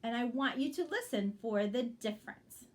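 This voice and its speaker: A woman's voice: on the high side, animated, moderate pace, darkish tone. A woman teaching young children to blend word sounds in a reading lesson, speaking patiently and encouragingly and checking in often.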